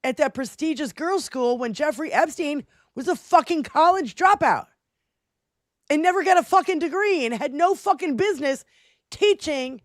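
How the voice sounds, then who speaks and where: A woman's voice: high voice, animated, normal speed, no room sound, studio quality. A woman co-hosting a political livestream, ranting in a profane, mocking and emphatic way. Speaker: co-host. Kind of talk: heated political livestream chat.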